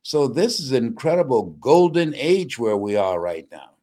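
A man's voice: medium pitch, sing-song, normal speed, mellow. An older man, a motivational speaker, talking with a preacher-like cadence and repeating words for emphasis. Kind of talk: motivational speech in an interview.

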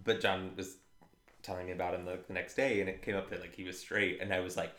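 A man with a lowish voice and a bright, forceful tone co-hosts a casual podcast and drops dry, joking asides. His voice carries the echo of the room. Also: level tone, fast talker. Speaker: podcast co-host. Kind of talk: casual chat.

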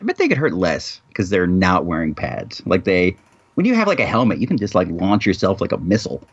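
A man co-hosting a podcast in casual chat, animated and joking, rambling through bits. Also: sits low, a little fast, breathy edge, lo-fi sound. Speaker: podcast co-host.

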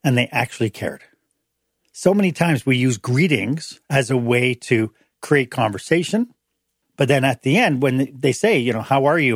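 A middle-aged man gives a motivational management talk with a lively, swooping pitch. His voice is a little husky, and he drops into changed voices to act out small everyday dialogues. The recording is close and dry. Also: normal speed, no echo. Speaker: host.

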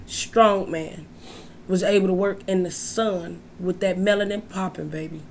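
A woman's voice: fairly low pitch, a little hiss or hum. A woman in casual chat, blunt and profane, telling stories with lots of energy. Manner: blunt, profane, animated storyteller. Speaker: co-host.

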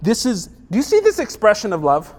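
A man's voice: high voice, huge pitch swings, a little fast, a little mellow, in a large hall. A man preaching a sermon as pastor, conversational and emphatic, firing off rhetorical questions.

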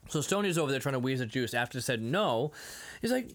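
A man with a fairly high, brisk voice co-hosts a casual podcast recapping a movie. He's animated, laughs often, and acts out lines from the film.

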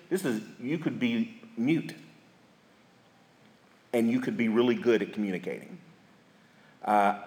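A man, speaking at a church marriage seminar in a folksy, storytelling manner with emphatic repetition, recorded in an echoey hall. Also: on the low side. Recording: echoey hall with live audience.

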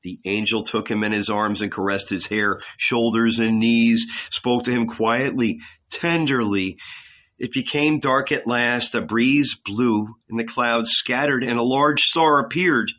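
A male narrator reads a literary novel aloud in slow, measured tones. His voice is bright and clear, though the recording itself sounds dull and lo-fi. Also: mid-range voice. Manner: slow, measured, solemn reading. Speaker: audiobook narrator.

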